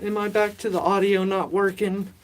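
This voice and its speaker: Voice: mid-range voice, little pitch movement, normal speed, background noise. A livestream host chatting casually with viewers, rambling and poking fun at themself while working on a home mushroom setup. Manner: rambling, chatty, self-mocking, talks to chat.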